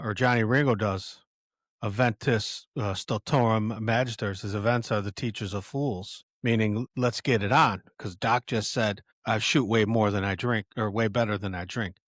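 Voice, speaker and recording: A man's voice: lowish voice, a bit bright, no echo, studio quality. An older man hosting a podcast, casually reading film quotes aloud and rambling through them with many fillers and restarts. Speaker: podcast host.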